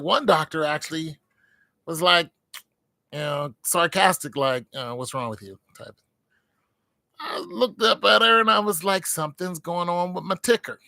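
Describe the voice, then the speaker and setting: Man, middle-aged, casual vlog talk, rambling, candid, bright tone, dry close sound. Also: fairly high pitch, no room sound. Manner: rambling, candid, frequent fillers. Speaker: military veteran vlogger.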